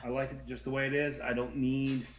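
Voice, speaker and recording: Co-host, a man in his thirties, chatty and animated, repeating himself as he tells a story. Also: mid-range voice, brisk, over a noisy crowd, poor audio. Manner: animated, stammering, acts out voices in anecdotes. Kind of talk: casual storytelling chat.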